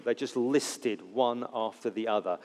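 A man preaching an expository sermon in a conversational way, with jokey asides, swinging between loud emphasis and hushed, low passages. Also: measured pace. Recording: long hall reverb.

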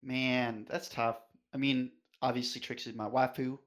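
A man's voice: medium pitch, flat delivery, measured pace, a bit bright. Hesitant man chatting casually. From Canada. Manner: hesitant, lots of ums and likes. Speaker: podcast guest. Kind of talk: casual chat.

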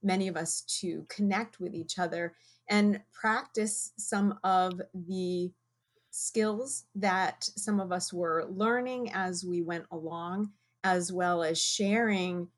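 A woman who chairs a science department and teaches biology, talking in a measured, thoughtful way in a casual conversation. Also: lowish voice. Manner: measured, thoughtful, slow-paced.

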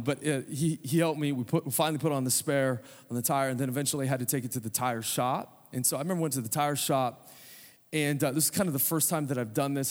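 A man's voice: mid-range voice, long reverb tail. A man preaching a sermon as pastor, telling a humorous story with conversational asides.

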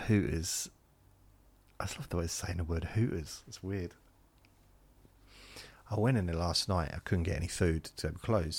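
Podcast comedian: a man with a very low, gravelly voice, rambling deadpan monologue. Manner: self-deprecating, rambling, deadpan asides.

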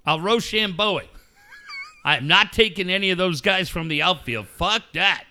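A man's voice: sits high, normal speed, sharp tone, a little hiss or hum. A man hosting sports talk radio, ranting angrily and swearing as he mocks a team. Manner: angry, swearing, mocking.

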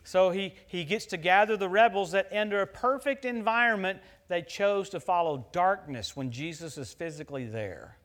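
A middle-aged man from the United States preaching a sermon, telling stories in an animated way that turns loud at the punchlines. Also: high voice, moderate pace, few pauses. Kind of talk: sermon with personal story.

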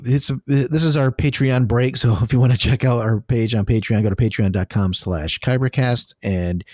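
A man co-hosting a casual podcast, talking in a rambling, animated, profane way. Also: medium pitch, no room sound, studio quality. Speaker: podcast co-host.

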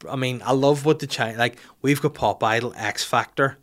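Cheeky, sweary podcast host. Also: male voice, medium pitch, moderate pace, fairly bright tone. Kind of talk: casual chat.

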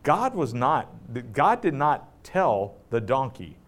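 Very animated and a bit bright, a preacher retells scripture in a conversational sermon full of joking asides and laughter, slowing down and lowering his voice when he reads the text itself.

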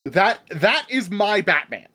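Lively, higher-voiced man chatting films. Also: slow. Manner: animated, stammers through restarts. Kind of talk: casual chat about films.

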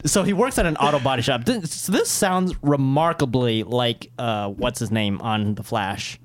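A man co-hosting a casual pop-culture chat, excitable and joking, with slangy talk. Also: mid-range voice, moderate pace, no echo. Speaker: podcast co-host.

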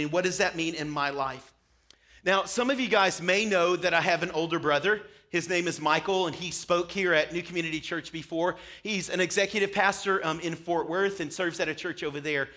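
A man's voice: high voice, normal speed. A young man preaching a sermon to a church congregation, telling stories with animation. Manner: animated storytelling, acts out his childhood self. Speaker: pastor. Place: church sanctuary.

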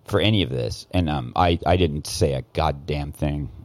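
Very deep-voiced man, profane and heated. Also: dry recording. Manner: profane, heated, halting with many restarts. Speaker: guest, former news cameraman. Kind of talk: casual podcast storytelling.

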